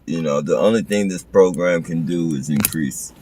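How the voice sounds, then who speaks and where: Very deep voiced guy ranting profanely on a car livestream, lots of car noise. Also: moderate pace. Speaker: live streamer. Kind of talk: ranting live stream from a car.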